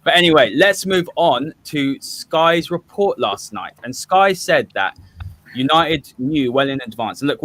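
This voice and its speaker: A man's voice: mid-range voice, fairly bright tone, dry recording. A man with a Southern English accent hosting a fan podcast and steering an opinionated discussion. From Southern England. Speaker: host.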